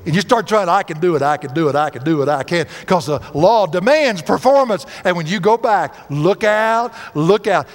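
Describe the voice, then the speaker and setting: Pastor preaching in a reverberant hall. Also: male voice, on the high side. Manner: folksy storytelling with repetitions and sudden emphatic rises. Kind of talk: sermon. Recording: long reverb of a large hall.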